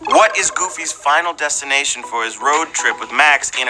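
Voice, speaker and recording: A man's voice: a little high, lively intonation, moderate pace, few pauses, over music. A man hosting a live trivia game show, playful and hyped, bantering with his viewers and breaking into bits of song.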